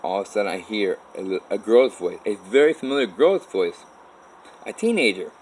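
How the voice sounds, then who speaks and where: A man's voice: lowish voice, expressive, normal speed, a little hiss or hum, low-quality recording. A man telling a personal story in a rambling, profane way, full of restarts. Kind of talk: personal story told to camera.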